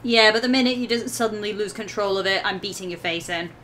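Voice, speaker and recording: A woman's voice: mid-range voice, fast, a bit bright, slight background noise. A woman playing in a tabletop game over online voice chat, playful and blunt. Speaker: player.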